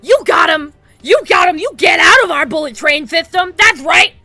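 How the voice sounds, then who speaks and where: A woman voicing a small, excitable male kobold rail worker who shouts and gloats in a tabletop game. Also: very high voice, normal speed, soft background music, pitched above the performer's own voice, exaggerated voice. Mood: gloating shout.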